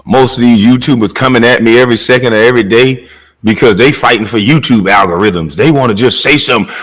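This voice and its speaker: A man's voice: mid-range voice, expressive, brisk, fairly bright tone, rough recording. A middle-aged man delivering a heated, blunt and profane monologue rant as a commentator.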